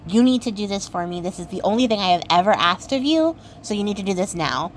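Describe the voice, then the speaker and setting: A woman voicing an insistent enchanted white cat princess, speaking in a firm, lowered, hushed way. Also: lively intonation, fast talker, slight background noise, lightly acted, rough recording.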